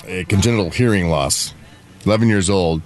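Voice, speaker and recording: A man's voice: deep voice, fairly quick, over music. A man hosting a talk show, chatting casually and joking with his co-hosts. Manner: lively, jokey, slips into mock voices. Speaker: radio show host. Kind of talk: casual comedic banter.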